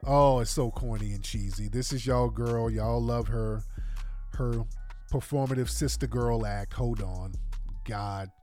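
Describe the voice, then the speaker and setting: A man's voice: mid-range voice, unhurried, warm tone, soft background music. An American man hosting a livestream, talking in casual commentary that is slangy, sarcastic and exasperated. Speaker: livestream host.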